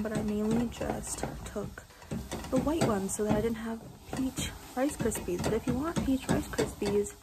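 Young female student vlogger, half-whispered and gravelly, noisy home kitchen recording. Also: on the high side. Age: young adult. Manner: mostly whispering, chatty. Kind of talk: casual cooking vlog.

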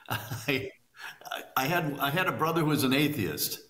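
A man, a priest guest, answering in a halting way and repeating words as he thinks. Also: on the high side, animated, fairly bright tone, roomy sound. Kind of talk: conversational interview answers.

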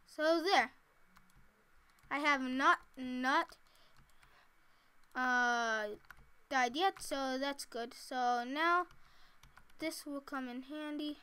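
A woman's voice: high-pitched, drawn-out words, long pauses, bright, forceful tone. A woman casually talking to herself while she plays a building game, chatty and giggly. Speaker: gameplay commentator. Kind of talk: casual let's-play commentary.

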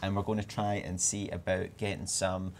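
A man's voice: low-pitched, flat delivery, normal speed, slight background noise. An upbeat Scottish man hosts a game livestream from an indoor gaming setup. He keeps up friendly, chatty talk and narrates each move as he flies. The sound is close and direct, like a headset or desk mic. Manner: upbeat, chatty, narrates his moves as he plays. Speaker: livestream host. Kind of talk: casual gameplay chat.

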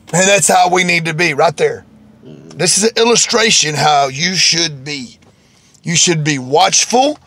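A man's voice: sits high, pushed and bright, dry recording. A man preaching informally, repeating his points, quoting scripture and checking in with "okay?".

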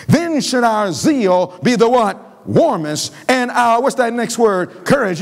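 A male pastor preaching a revival sermon in a church sanctuary, with a high, very animated voice that leaps up and down. He quizzes the congregation, leaving blanks for them to fill. He shifts from loud emphasis to low, pleading lines. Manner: call-and-response questioning of the congregation.

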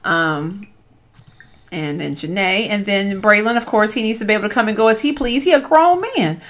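A woman's voice: mid-range voice, normal speed. A woman, chatting casually over a video game and cooing at the characters on screen. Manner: chatty and animated, coos at the babies, says "y'all" and "ain't". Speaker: gaming YouTuber. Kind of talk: casual gameplay commentary.

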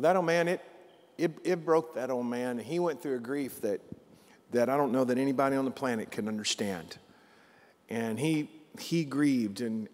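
Preacher guy telling a story from the pulpit, keeps saying "right?", long church echo. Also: mid-range voice. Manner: animated, repeats phrases for emphasis, asks the crowd "right?". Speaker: pastor. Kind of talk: sermon storytelling. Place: church sanctuary. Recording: long church hall reverb.

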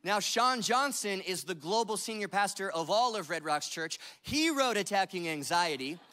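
A pastor in his thirties delivering a sermon, telling stories with self-mocking humor and dropping to a hushed voice when he prays. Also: sits high, lively intonation, normal speed. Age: 30s. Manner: drops to a soft, hushed voice in prayer.

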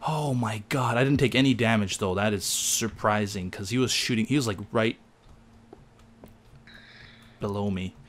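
A man chatting casually while playing a game with a friend, excitable and quick to yelp when startled. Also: a little hiss or hum. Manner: excitable, jumps high in pitch when startled. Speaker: gamer. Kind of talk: casual gaming commentary.

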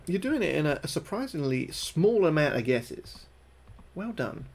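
Man, live game streamer, sweary, excitable, slightly high voice. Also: moderate pace, creaky. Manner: excitable, swears a lot, yelps when scared. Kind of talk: live gameplay commentary.

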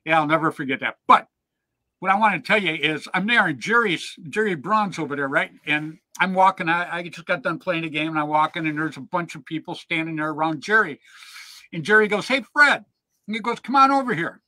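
A man hosting a show, telling casual stories in an animated, chatty way and checking in with "right?" and "man". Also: on the high side, a little fast, no room sound. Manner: animated yarn-spinner, peppers lines with "man" and "right?". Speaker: show host. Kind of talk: casual storytelling chat.

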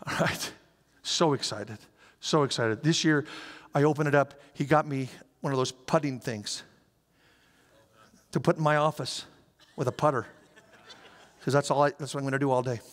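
A middle-aged man preaching a sermon in a lively, conversational way, acting out little scenes as he goes. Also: on the high side, normal speed, pauses often. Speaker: pastor. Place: church sanctuary. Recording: reverberant hall.

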